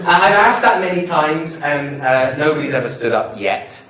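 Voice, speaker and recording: A man's voice: fairly high pitch, expressive, moderate pace, a crowd in the background. A man giving a live public speaking presentation, joking and questioning the audience in a lecture room. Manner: playful, joking, quizzes the audience. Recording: roomy hall sound, faint noise.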